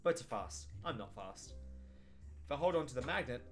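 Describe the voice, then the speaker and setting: A man's voice: medium pitch, lively intonation, moderate pace, close to an everyday voice. A man voicing an anxious man who hides in the sea, talking in a timid, hesitant way over faint music.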